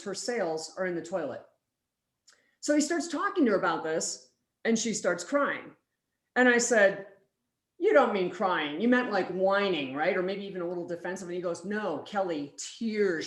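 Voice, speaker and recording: A woman delivers a conference keynote in a lively storytelling manner, trading voices as she acts out both sides of a dialogue. Her voice sits in a middle pitch and carries a roomy echo from the event room. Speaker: keynote speaker. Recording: roomy, echoey hall.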